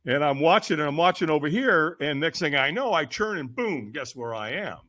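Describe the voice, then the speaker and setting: A man recounting a personal story as a podcast guest, his slightly high voice swooping widely. The tone is bright and forceful, and he punches his points home, jumping into sudden shouted quotes. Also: fairly quick. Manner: lively, emphatic, acts out quotes with sudden shouts. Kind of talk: animated storytelling in conversation.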